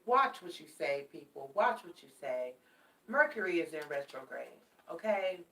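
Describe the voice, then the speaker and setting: A woman's voice: low-pitched, very animated, measured pace, pushed and bright, recorded from a distance. A woman giving a casual tarot reading, chatty and affectionate, repeating her warnings for emphasis and calling her viewers babies. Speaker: tarot card reader. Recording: echoey room, mic set back.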